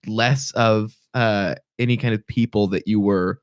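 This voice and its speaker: A young man hosting a podcast in casual chat, rambling with restarts and sudden jumps in pitch. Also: fairly even intonation, a little slow, no echo, clean studio sound. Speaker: podcast host.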